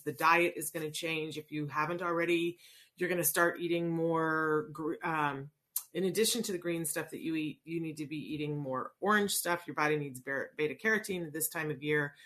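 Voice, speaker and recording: A woman's voice: low-pitched, fairly bright tone. A middle-aged woman hosting a casual livestream, talking in a chatty, rambling way that keeps interrupting itself. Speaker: livestream host.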